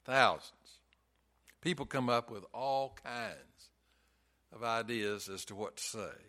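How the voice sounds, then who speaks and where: A man's voice: medium pitch, slow pace, bright, forceful tone. A man preaching a sermon in a folksy storytelling way, hammering points home with emphatic repetition.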